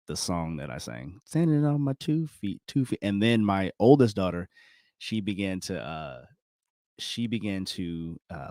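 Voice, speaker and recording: A middle-aged vlogger with a deep voice talks casually to his viewers alone, recorded in clean studio sound with no room noise. He reflects on himself, rambling, correcting himself, and chuckling often.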